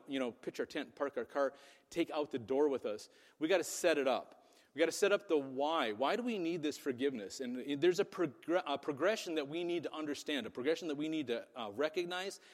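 A middle-aged man preaching a sermon in a relaxed, conversational storytelling way, with plenty of ums. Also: fairly high pitch. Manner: conversational storytelling with many fillers. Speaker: pastor. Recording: long reverb of a large hall.

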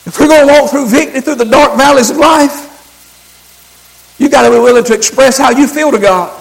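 A man preaching a sermon, calling out to the congregation and rising into shouts. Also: very high voice, fairly quick, gravelly, low-quality recording.

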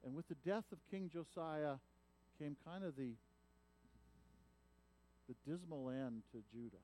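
A man's voice: a little high, lively intonation, measured pace, mellow. A man preaching a sermon, teaching in an earnest way that swells when he voices a prophet's cries. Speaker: pastor.

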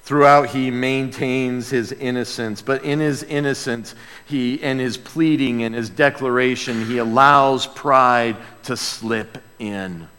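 Pastor guy preaching slow and dramatic, goes quiet then loud, big echoey church hall. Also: mid-range voice, fairly even intonation. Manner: emphatic, swinging between quiet asides and loud outbursts. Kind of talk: sermon. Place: church sanctuary with a sound booth. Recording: long reverb in a large hall.

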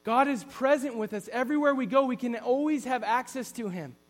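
A man's voice: extremely high pitch, fairly quick, long reverb tail. A man preaching a sermon in an earnest storytelling way, often restarting his sentences.

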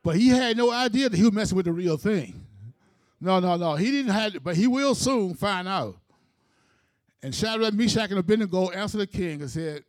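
A man's voice: high voice, expressive, normal speed, no echo, studio quality. A man preaching a sermon, telling a scripture story with emphatic, rhythmic phrasing.

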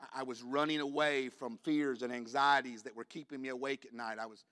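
A man preaching a sermon in a church, moving between quiet personal storytelling and loud, shouted declarations. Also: medium pitch, fairly even intonation, brisk. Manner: shifts from hushed storytelling to shouted climaxes.

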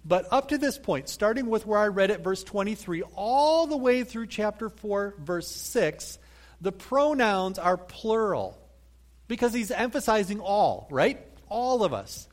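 Male pastor, high voice, teaching sermon, reads scripture and builds to lively emphasis. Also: unhurried. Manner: explains scripture step by step, reads verses aloud, lively emphasis.

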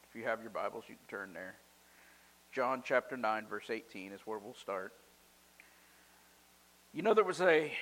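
A man preaching a sermon as pastor, telling a story with lively, loudly acted quotes. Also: fairly high pitch, big-room sound, rough recording.

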